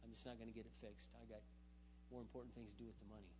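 A man, a pastor, preaching through a personal story, animated, with loud emphatic bursts and quiet asides. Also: on the low side, very fast. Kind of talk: sermon storytelling. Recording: dull sound in a reverberant hall, faint hum.

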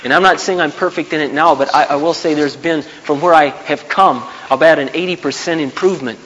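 A man's voice: on the high side, fairly quick, fairly bright tone, a little hiss or hum. A man in his thirties preaching a sermon as a pastor, earnest and emphatic, repeating his key points. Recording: long hall reverb.

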